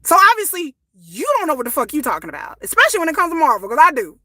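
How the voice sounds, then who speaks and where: A woman, ranting casually to her viewers, sassy and animated, swearing and repeating words as she goes. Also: sits high, rapid-fire, no echo, clean studio sound. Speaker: commentary vlogger. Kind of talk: casual opinion rant.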